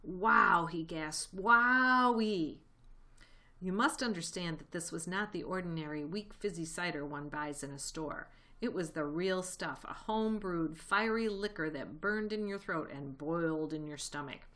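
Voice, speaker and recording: A woman narrating a children's chapter book aloud with a lively, expressive delivery. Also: on the low side, normal speed, few pauses. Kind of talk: audiobook reading.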